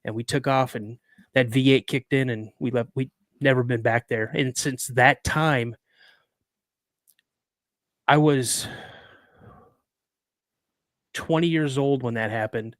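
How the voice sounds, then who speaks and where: A man's voice: mid-range voice, steady tone, slow, pauses often, a bit bright, no room sound, studio quality. A man in his fifties telling a personal story as a podcast guest, in a vivid, dramatic way. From United States. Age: 50s.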